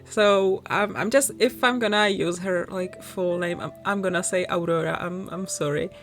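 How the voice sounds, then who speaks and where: A woman's voice: medium pitch, normal speed, soft background music. A woman hosting a gaming channel, chatting casually over game play with a sore throat and a candy in her mouth, rambling and apologetic. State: sucking a mint candy, slight mouth sounds; sore throat, coming down sick.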